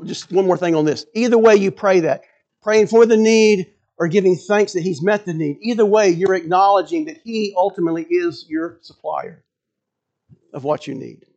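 A man's voice: high-pitched, darkish tone, dull audio. A man preaching a sermon in a conversational way, restarting phrases and asking rhetorical questions. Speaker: pastor.

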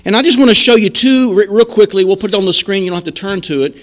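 A man's voice: sits high, fast talker. A man preaching a sermon as pastor, earnest and emphatic, posing questions and answering them himself.

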